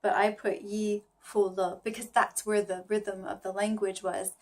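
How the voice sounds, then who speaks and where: A woman speaks in a casual, thinking-aloud vlog, sounding tired as she muses over her study. She pauses, restarts and questions herself often. Her voice sits at a middle pitch. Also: flat delivery. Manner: musing, self-questioning, halting with fillers. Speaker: language learner vlogger.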